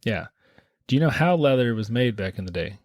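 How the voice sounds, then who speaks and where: A man's voice: mid-range voice, a little fast, no echo, clean studio sound. A man co-hosting a podcast in casual, joking chat, laughing at his own stories. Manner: relaxed, joking, laughs at himself. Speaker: podcast co-host.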